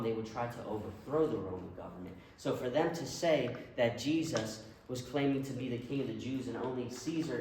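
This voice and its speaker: A man's voice: medium pitch, a little hiss or hum. A man preaching a sermon, retelling a story earnestly and vividly. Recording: very echoey room, mic far off.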